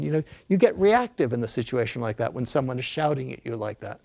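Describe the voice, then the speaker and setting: A man's voice: a little high, fairly quick, gravelly, few pauses, a little mellow, dry recording. An older man giving a talk as an author, telling an anecdote in a storytelling lecture style with frequent fillers and restarts.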